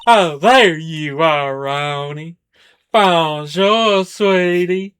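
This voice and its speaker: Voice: mid-range voice, drawn-out words, fairly bright tone, slight background noise. A performer voicing a flirty, theatrical woman in a fan dub of a video game, sugary and teasing.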